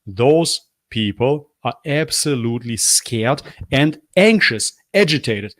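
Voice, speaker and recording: A man's voice: animated, takes it slowly, few pauses, fairly bright tone, dry recording, studio quality. Sarcastic man on a livestream. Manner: sarcastic, mocking, blunt; mocks with high, whiny put-on apologies. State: losing his voice. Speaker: livestream host reacting to a video. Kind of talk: live reaction commentary.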